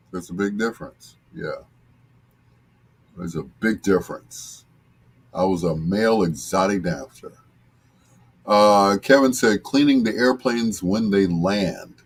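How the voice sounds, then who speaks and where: An older man hosting a casual live stream with a deep, husky voice, chatting in a relaxed, joking way as he reads out viewer comments. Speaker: host reading viewer comments.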